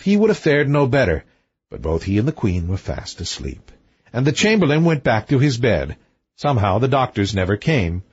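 Expressive husky man reading a fairy tale. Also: dry recording. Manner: expressive reading, swooping between high and low. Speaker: audiobook reader. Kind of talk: scripted storybook narration. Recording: dull dry lo-fi recording.

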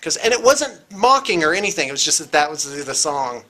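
A man's voice: on the high side, very animated, brisk, sharp tone. A man hosting a casual tour of a painting studio, chatty and teasing, filmed on a handheld camera. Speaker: host of a painting studio channel. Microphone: handheld camera mic.

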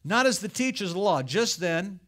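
High-voiced man preaching a sermon. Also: animated, brisk, a bit bright. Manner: preaching with rising fervor, acting out quoted voices. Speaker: pastor.

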